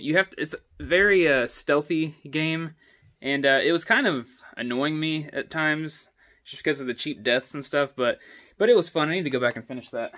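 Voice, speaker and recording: A man's voice: on the high side, bright, forceful tone. Young guy filming himself on a selfie stick at home, chatty and rambling, lots of ums and uhs. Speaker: gaming collector showing his collection. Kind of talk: casual walkthrough vlog. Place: indoor home with stairs. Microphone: selfie stick camera.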